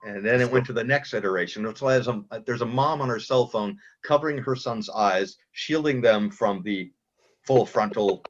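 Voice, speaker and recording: A man speaking as a cartoonist guest in a casual interview, talking in halting starts and restarts. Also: medium pitch. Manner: halting, self-interrupting, chuckling. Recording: dull lo-fi audio.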